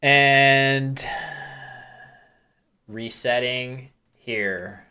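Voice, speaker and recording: A man calls a live tournament like he's chatting with friends watching at home. His voice is bright and forward, with a middling pitch. He drifts into candid, joking side stories and pokes fun at himself. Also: extremely slow, clean tone. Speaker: tournament commentator. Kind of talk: live game commentary, casual chat.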